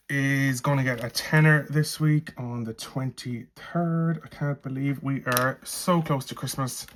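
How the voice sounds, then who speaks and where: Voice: medium pitch, a bit bright, slight background noise. Chatty Irish budgeting vlogger counting cash. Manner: chatty, counts cash aloud while stuffing envelopes. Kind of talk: casual vlog chat. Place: at home.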